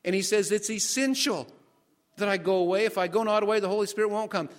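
A man's voice: sits high, fast. An older man preaching a sermon as pastor, asking his congregation questions and waiting for their answers.

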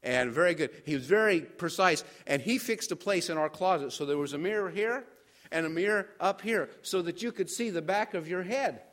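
Older pastor with a high folksy voice. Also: male voice, normal speed, a bit bright. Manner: folksy, asks the congregation questions. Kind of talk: storytelling sermon.

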